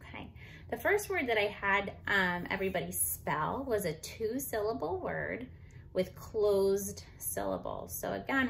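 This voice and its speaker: A woman teacher walking young students through spelling and marking up words, sounding out each syllable and letter slowly and clearly. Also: mid-range voice, fairly bright tone, a little hiss or hum. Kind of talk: recorded phonics review lesson. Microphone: computer microphone.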